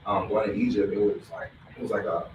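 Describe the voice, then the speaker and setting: Deep-voiced man talking fast, echoey room. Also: steady tone, lo-fi sound. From Philadelphia area. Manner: fast, loose street slang. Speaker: guest. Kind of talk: casual interview talk. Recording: roomy echo, distant mic, noisy background.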